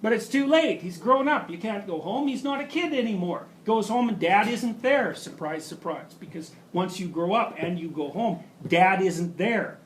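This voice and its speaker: Male lecturer, high voice, emphatic and storytelling, asks rhetorical questions, faint background noise. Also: lively intonation, moderate pace, few pauses, rough recording. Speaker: university lecturer. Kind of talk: classroom lecture.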